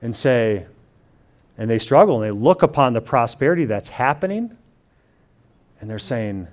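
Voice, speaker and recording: In this sermon, a male preacher reads scripture in a slow, quiet way before putting it into his own words, with frequent restarts and paraphrased quotes. His voice is mid-range and expressive.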